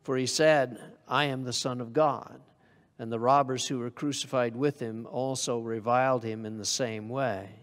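A man's voice: mid-range voice, fairly even intonation, normal speed, in a large hall. A man preaching a sermon to a congregation in a conversational way, often asking them questions. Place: church hall.

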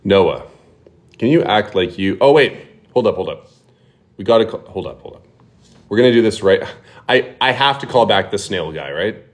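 A man hosting a prank call livestream, talking quickly and offhandedly with some swearing. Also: lowish voice, lively intonation. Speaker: prank call streamer host. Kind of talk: casual livestream chat.

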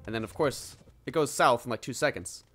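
A man's voice: mid-range voice, a little fast, loud music behind the voice. A man hosting a let's play, giving reactive gameplay commentary and exclaiming at what happens in the game.

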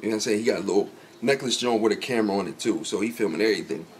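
A man's voice: fairly low pitch, very fast, a little hiss or hum. A man hosting a podcast, casually retelling a movie in loose, slangy speech with frequent filler tags. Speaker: podcast host.

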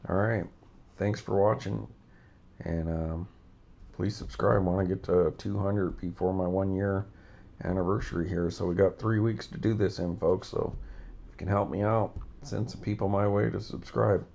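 Deep gravelly monotone man. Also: normal speed, lo-fi sound. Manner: rambling, with many fillers and self-corrections. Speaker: baseball card channel host. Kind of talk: casual card-collecting vlog.

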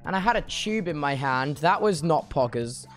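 Young male streamer, post-op groggy, slurry slangy ramble, soft music bed. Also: on the high side, animated, normal speed. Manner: rambling, slangy, many restarts. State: groggy after surgery, speech slightly impaired. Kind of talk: casual chat reading viewer messages.

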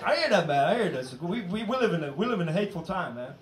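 A man's voice: high voice, very animated, fast talker. A man doing stand-up comedy in front of a live audience, with a brash, profane and punchy delivery. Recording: echoey room, far mic, loud crowd and noise.

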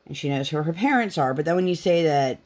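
A woman's voice: low voice, lively intonation, fast talker, darkish tone. Young woman host, chatty and rambling, casual crafting chat at home. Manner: chatty and rambling, many "like" fillers.

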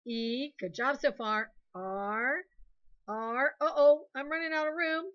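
Playful teacher. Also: female voice, high voice, slow pace, lo-fi sound. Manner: playful, animated, expressive teacher talk. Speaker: second grade teacher. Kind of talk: recorded phonics lesson for young children.

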